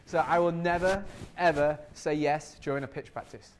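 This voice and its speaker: A man leading a sales training workshop, energetic and repetitive, often acting out customer scenes as he talks. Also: a little high, normal speed, a little hiss or hum.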